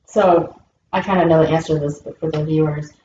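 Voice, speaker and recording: A woman hosts an interview with a lowish voice, asking questions and adding her own reflective thoughts. She is recorded at a distance in a roomy space, on a muffled recording with light background hiss. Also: steady tone, a little fast, dark tone. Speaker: host. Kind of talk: interview conversation.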